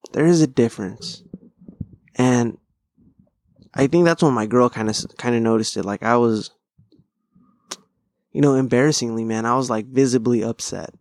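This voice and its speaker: A man's voice: mid-range voice, normal speed, long pauses, a little mellow, no echo, clean studio sound. Profane, rambling male podcast host. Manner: rambling, profane, self-deprecating. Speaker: podcast host and stand-up comic. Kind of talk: casual solo podcast chat.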